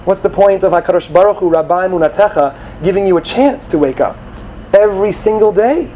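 A man giving an animated sermon to young students, acting out quoted voices and sprinkling in Hebrew terms. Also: high voice, brisk, a little hiss or hum, rough recording. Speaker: rabbi or teacher addressing students.

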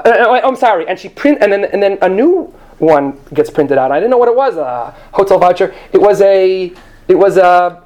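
Male storyteller, high voice, rambling self-deprecating stage anecdote, handheld mic. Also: a little mellow. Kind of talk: live comic storytelling. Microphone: handheld microphone.

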